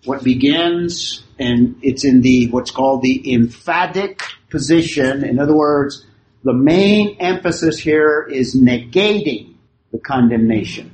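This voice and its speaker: A man's voice: medium pitch, a little slow, a little mellow, slight background noise. A man teaching a Bible study class in unscripted talk, often checking that his listeners follow. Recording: echoey room.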